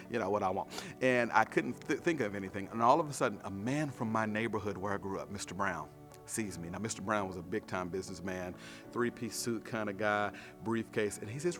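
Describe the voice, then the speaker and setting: A male pastor giving a short devotional sermon with lively, emphatic storytelling. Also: lowish voice, fairly quick, faint music behind.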